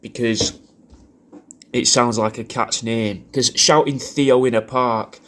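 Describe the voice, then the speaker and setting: A man with an English regional accent giving a rambling, crude, deadpan comic monologue as a personalised video message. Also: mid-range voice, slow. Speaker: comedic character doing a personalised video message.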